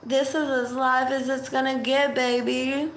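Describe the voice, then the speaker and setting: A woman with a slightly high voice speaks slowly and swears freely, drifting between spoken verse and irritable rants. Her voice echoes around the room. A faint hum sits behind her. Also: flat delivery, a bit bright. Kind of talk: casual livestream rambling and spoken verse.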